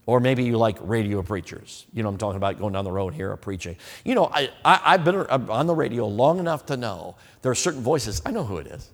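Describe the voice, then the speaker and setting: A man's voice: medium pitch, sing-song, brisk, hardly any pauses, long reverb tail. A man preaching a sermon, acting out the questions of imagined listeners as he goes.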